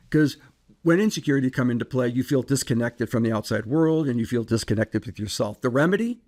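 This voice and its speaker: A man hosting a self-help podcast, speaking in an earnest, measured way and putting reflective questions to the listener. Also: medium pitch, darkish tone. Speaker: podcast host, psychologist.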